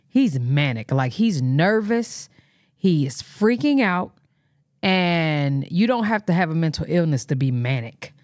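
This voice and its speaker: Casting: lowish-voiced woman, blunt slangy reaction host, dry close mic. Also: darkish tone, dry recording. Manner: blunt, slangy, with muttered asides. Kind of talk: casual reaction commentary.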